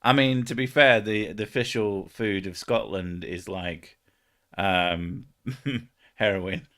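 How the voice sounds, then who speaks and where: A man's voice: sits low, slow pace, a bit bright. Joking, swearing man on a stream. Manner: swears often, laughs between jokes. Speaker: streamer host. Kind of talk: casual stream chat.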